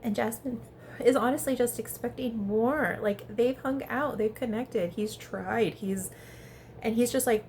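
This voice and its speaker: Woman, casual reality show recap vlog, chatty and animated, faint noise behind. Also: on the high side, a little slow. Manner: chatty, animated, heavy use of "like". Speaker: reality TV reviewer.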